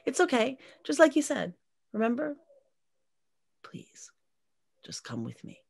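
A woman reading aloud, voicing an earnest, wistful young girl who speaks softly and pleadingly. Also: high-pitched, huge pitch swings, a little slow, vocal fry, breathy edge, voice pushed up, heavily acted. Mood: gentle.

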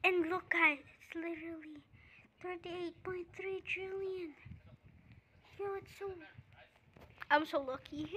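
A young woman chatting to viewers while playing a pet-collecting game, breaking into excited yells. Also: very high voice, slow, pauses often, slight background noise. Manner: chatty, bursts into excited screaming; addresses viewers as guys. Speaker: gaming video creator. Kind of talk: casual gameplay commentary.

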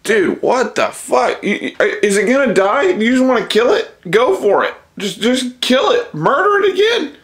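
A man's voice: very high-pitched, very animated, moderate pace, few pauses. A startled man stammering and swearing in a casual home video, filmed on a phone inside his house. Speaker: vlogger.

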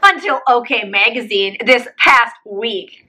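A woman's voice: a little high, lively intonation, moderate pace, bright, forceful tone, low-quality recording. A woman co-hosting a podcast, talking in a blunt, scornful and sarcastic casual chat. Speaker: podcast co-host.

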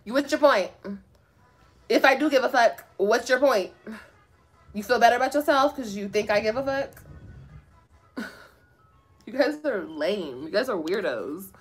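A woman's voice: a little high, lively intonation, unhurried, pauses often, breathy edge, soft background music. A young woman livestreaming from her phone, ranting to viewers in a blunt, profane, sassy way and laughing often. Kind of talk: casual live-stream rant.

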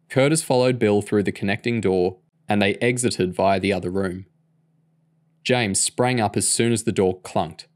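A man narrating a novel aloud in a steady, measured storytelling voice. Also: fairly low pitch. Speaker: audiobook reader.

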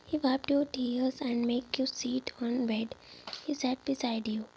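A woman narrating a fan fiction story in a whispered role-play, softly and steadily. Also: high voice, fairly even intonation, unhurried, a little hiss or hum, poor audio.

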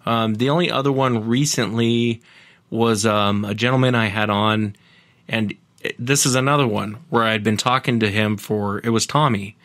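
Man, low voice, earnest storyteller, casual interview, dry close sound. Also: steady tone, normal speed, fairly bright tone, no echo. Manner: earnest, retells others' encounters at length. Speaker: podcast host as guest.

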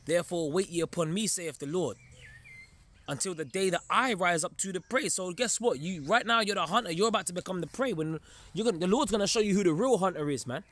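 Guy preaching casual and emphatic, fairly high voice, keeps checking in w the listeners. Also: fast, a bit bright. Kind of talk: informal preaching sermon.

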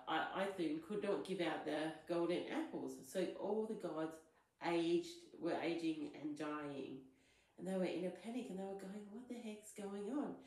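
A woman's voice: on the low side, a little mellow. A woman retelling a myth in a casual, chatty way, as a storyteller. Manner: chatty, loose, with fillers. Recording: very echoey room.

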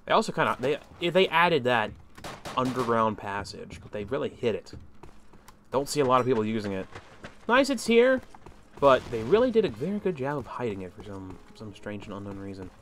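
A young man giving chatty, animated commentary while playing a game, shouting at enemies now and then. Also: on the low side, normal speed. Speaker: gaming commentator. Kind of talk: casual gameplay commentary. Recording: faint game noise behind.

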